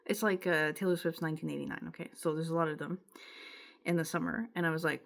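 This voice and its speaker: A woman's voice: sits low, fast, vocal fry. A young woman from Quebec with a Quebec French accent, telling a rambling, emotional personal story in a casual vlog. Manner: rambling, emotional, with filler words and self-interruptions. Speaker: vlogger.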